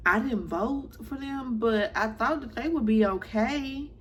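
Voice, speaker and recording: A woman's voice: a little high, unhurried, few pauses, a little hiss or hum, low-quality recording. A woman, chatting casually as she recaps a reality show, playful and full of asides.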